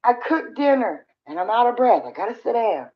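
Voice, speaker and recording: A middle-aged woman with a slightly high voice talks briskly and very animatedly as she hosts a casual livestream. Chatting with viewers, she rambles and vents, sighing a lot, and the audio is dull lo-fi.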